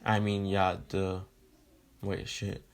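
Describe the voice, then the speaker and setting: A man's voice: deep voice, monotone, takes it slowly, clear, resonant tone. A man telling a fan story in a casual, rambling way with lots of fillers and swearing.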